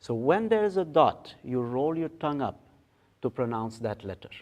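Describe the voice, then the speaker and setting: A man teaching in a meditation hall, patiently explaining how to pronounce a mantra step by step and chanting its words slowly. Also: medium pitch, very animated, a little mellow. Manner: patient, explains step by step, often checks in with "okay?". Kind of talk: guided mantra pronunciation lesson.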